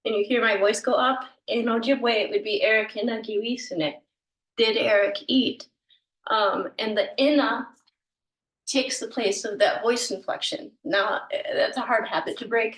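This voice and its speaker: A woman's voice: mid-range voice, reverberant, far from the mic, poor audio. A woman whose first language is English, teaching a language lesson in a patient, informal way with many ums and self-corrections.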